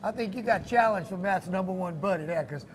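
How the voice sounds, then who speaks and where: A man tells a fishing story in a relaxed, homespun way. His voice sits high for a man. Faint noise hums behind him. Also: fairly quick. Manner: folksy, storytelling, laughs easily. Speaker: fishing show co-host. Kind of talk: casual chat about a fishing trip.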